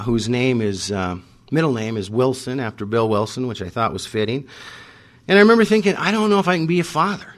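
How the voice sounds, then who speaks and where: Man, 30s, recovery-meeting speaker; bright tone, wry self-mocking storyteller. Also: mid-range voice. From North Dakota. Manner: self-mocking, comic timing, acts out both sides of arguments. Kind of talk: storytelling talk to a live audience.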